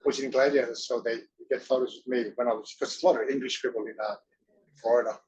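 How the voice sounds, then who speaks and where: A man as an interview guest, telling stories in an animated way, often laughing and acting out voices. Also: mid-range voice, quick pace, muffled recording, slight background noise. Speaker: interview guest, wrestler and actor. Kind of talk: casual storytelling.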